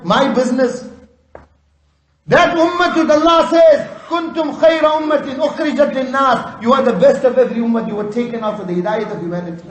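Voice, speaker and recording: A man preaching an impassioned sermon, at times rising to shouts, recorded in a hall. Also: extremely high pitch. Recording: echoey hall.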